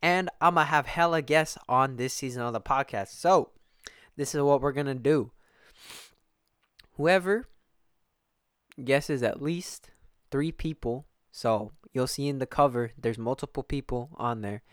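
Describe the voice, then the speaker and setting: A man's voice: medium pitch, unhurried, long pauses, a bit bright, clear, resonant tone, no echo, clean studio sound. A young man hosting his own podcast alone, chatting casually and rambling with lots of swearing and restarts. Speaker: podcast host. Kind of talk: casual solo podcast chat.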